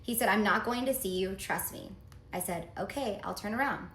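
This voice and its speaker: Woman, casual storytime monologue, confiding, mid pitch, roomy echo. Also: normal speed, fairly bright tone. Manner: earnest, reads out text messages, confiding. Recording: roomy echo, faint background noise.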